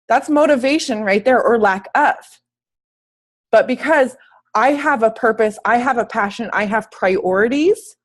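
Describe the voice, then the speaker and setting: Sick woman coaching a team call. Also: a little high. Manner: upbeat and emphatic, with casual slang. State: sick, slightly wheezy. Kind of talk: casual motivational talk. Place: at home, in bed.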